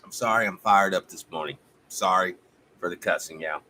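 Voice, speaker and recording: A man hosting a live stream, giving a fiery, profane, preacher-like monologue that swings between loud outbursts and low muttering. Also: normal speed, a little hiss or hum.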